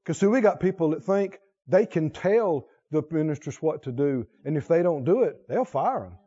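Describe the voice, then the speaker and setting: A man's voice: a little high, expressive, normal speed, mellow, slightly rough, lo-fi sound. A male preacher delivering a sermon, talking with animation, questioning the crowd and laughing now and then.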